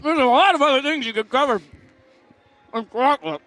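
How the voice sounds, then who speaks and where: A young man co-commentating a baseball broadcast in casual banter, talking slowly while chewing food. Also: very high voice, pushed and bright.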